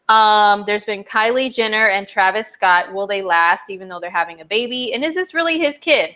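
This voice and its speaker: A woman astrologer runs a casual live stream, her voice bright and forward. She is chatty and bubbly, laughing easily as she reads viewers' questions from the chat. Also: medium pitch. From not from New Jersey.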